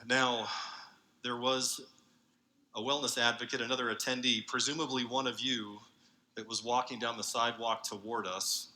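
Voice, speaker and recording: A man giving an earnest conference talk as a university researcher, speaking haltingly with many fillers. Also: mid-range voice, fairly even intonation, pushed and bright, poor audio. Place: large convention hall.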